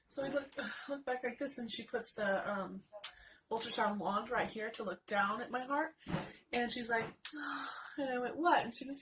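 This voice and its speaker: A fairly high-voiced woman in her late twenties chats to her camera, congested with a sinus infection. She rambles through a story and acts out the people in it. A faint room hum sits under her voice. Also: a little fast. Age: late 20s. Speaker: vlogger.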